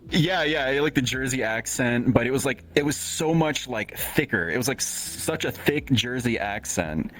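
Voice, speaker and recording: A man's voice: medium pitch, lively intonation, moderate pace, fairly bright tone, soft background music, poor audio. A man hosting a live stream, chatting casually and telling a rambling, profane story. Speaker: stream host. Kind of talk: casual chat.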